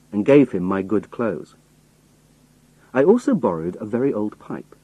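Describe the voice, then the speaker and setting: A man reading a story aloud in first person, expressive storytelling. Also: fairly low pitch, slightly rough, no echo, poor audio. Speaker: audiobook narrator. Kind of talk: scripted first-person narration.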